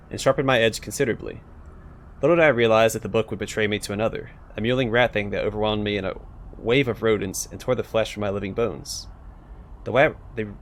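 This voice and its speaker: A man voicing a talking skull of a wizard-assassin, with a deep, jocular, scornful delivery. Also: fairly bright tone, natural voice.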